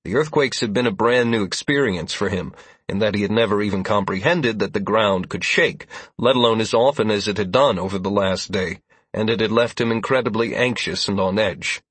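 A man reads a first-person fantasy novel aloud in a measured, even way. His voice sits low and husky. The sound is dry and close. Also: dry recording. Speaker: audiobook narrator.

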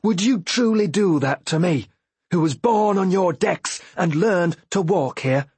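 A man voicing a desperate sailor pleading loudly with the ship that raised him in an audiobook. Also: high-pitched, animated, unhurried, husky, no room sound, pitched above the performer's own voice, full character voice. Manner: pleading, bellowing.

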